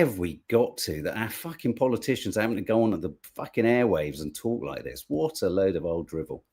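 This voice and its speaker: A man's voice: sits low, sing-song, a little fast, few pauses, a little mellow, husky. A man hosting a podcast, commenting on news clips in a sarcastic, swearing, mocking way. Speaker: podcast host.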